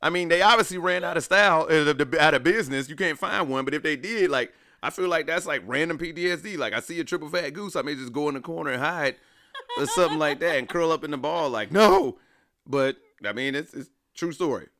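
A man co-hosting a podcast, telling a story in a casual, animated way with acted-out quotes and laughter. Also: fairly high pitch, fast talker, no echo, clean studio sound. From Alabama. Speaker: podcast co-host.

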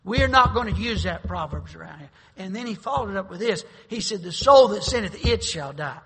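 A man preaching a sermon as pastor, speaking emphatically and swelling into loud declarations. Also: high-pitched, expressive, a little fast, vocal fry, husky, in a large hall.

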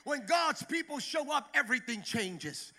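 High, bright-voiced male preacher. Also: animated, normal speed. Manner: builds to shouted, rhythmic repetition. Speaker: pastor. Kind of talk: sermon.

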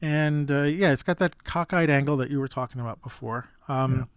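A man's voice: fairly high pitch, a little fast, smooth, no echo. Guy rambling on a podcast about photo books, dry close sound, lots of restarts. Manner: musing, rambling with many restarts. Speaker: podcast host.

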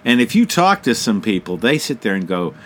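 A man's voice: lowish voice, sing-song, fairly quick, fairly bright tone, slight background noise. A man co-hosting a casual talk show, rambling and swearing, often laughing. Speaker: co-host. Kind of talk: casual radio chat.

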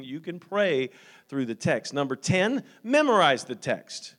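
Man, pastor, sermon, slightly high voice, emphatic surges, calm teaching, fillers. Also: unhurried. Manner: rises to loud emphatic preaching, then calm practical teaching; frequent fillers and repeated words.

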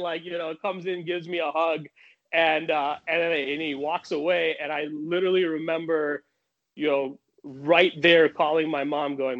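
Animated man telling a long story. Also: a little high, lo-fi sound. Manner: animated, fast anecdotes with many restarts. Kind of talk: casual storytelling.

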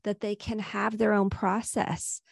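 Gentle, earnest woman therapist, dry sound. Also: medium pitch, little pitch movement, unhurried, vocal fry, slightly rough, no echo. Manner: earnest, gentle advice-giving. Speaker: psychotherapist guest. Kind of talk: podcast interview.

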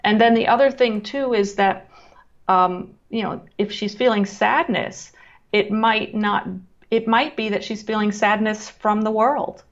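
Calm, measured female guest explaining her work, with fillers and restarts. Audio a touch dull and lo-fi. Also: medium pitch. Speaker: guest who works with children on emotions. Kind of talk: explanatory interview talk.

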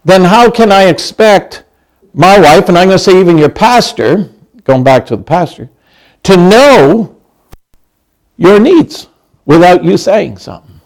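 Older male pastor in his sixties, slightly high voice; chatty, humorous sermon delivery with acted-out quotes. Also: lively intonation, unhurried, pauses often, darkish tone. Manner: conversational, humorous, acts out quoted lines.

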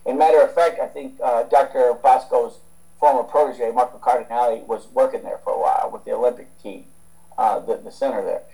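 A man's voice: medium pitch, fairly even intonation, brisk, gravelly, dark tone, low-quality recording. A man from the United States, a strength coach talking as a guest in a casual interview, rambling with many restarts and fillers.

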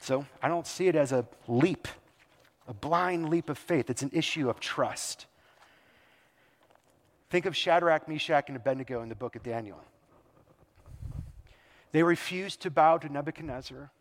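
Male pastor, animated sermon delivery, high-set voice, long hall reverb. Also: normal speed, pauses often. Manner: animated, rhetorical questions, acts out quoted voices.

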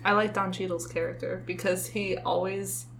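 Young woman podcast co-host, chatty and animated, slight hum underneath. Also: fairly low pitch, moderate pace, creaky. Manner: chatty, animated, laughs often. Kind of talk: casual chat about a movie.

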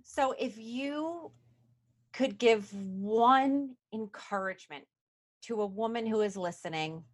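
A woman's voice: on the high side, takes it slowly. Affirming woman podcast host. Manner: affirming, encouraging. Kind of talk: interview podcast.

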